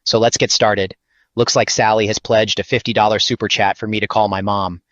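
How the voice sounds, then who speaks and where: Guy doing a smug greedy streamer, lowish voice, dull dry lo-fi sound. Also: level tone, brisk, fairly bright tone, no echo, close to an everyday voice. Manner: smug, whiny. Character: greedy self-important male video streamer.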